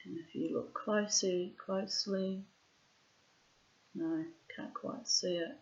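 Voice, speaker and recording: A woman reads her personal diary aloud in a slow, unhurried way, leaning dramatically into her words and swearing bluntly. The recording is slightly muffled and lo-fi. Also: mid-range voice, steady tone, darkish tone. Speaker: diarist reading her own entries.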